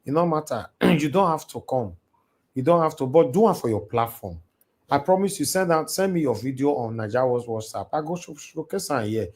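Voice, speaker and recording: A man's voice: mid-range voice, animated, fairly quick, a little mellow. A Nigerian man with a Pidgin-tinged accent hosts a live stream alone at home, preaching in a repetitive, impassioned way. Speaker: livestream host. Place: alone in a large house. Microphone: computer mic on a live stream.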